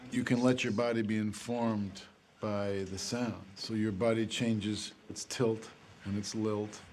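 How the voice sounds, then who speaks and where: A man, an actor, talking in a reflective, measured way about building a character and an accent. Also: on the low side, little pitch movement, a little mellow, a little hiss or hum. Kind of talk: interview for a featurette.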